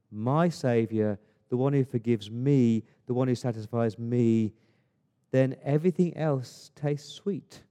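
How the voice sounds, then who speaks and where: A man preaching a sermon as pastor, rising to emphatic lists of praise and easing into quiet prayer. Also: mid-range voice. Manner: builds to emphatic praise, then drops to a soft prayer.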